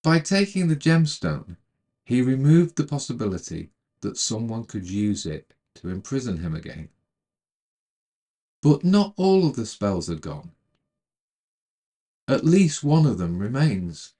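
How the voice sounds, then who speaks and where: A man narrating a retelling of a film's plot in a calm, measured way, then adding his own commentary. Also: medium pitch. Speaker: storyteller retelling a film.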